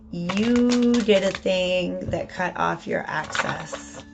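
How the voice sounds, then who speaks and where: A woman's voice: lowish voice, vocal fry, background noise. A woman giving a casual spoken tarot reading, chatty and prone to repeating herself, often checking in with "okay?". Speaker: tarot reader.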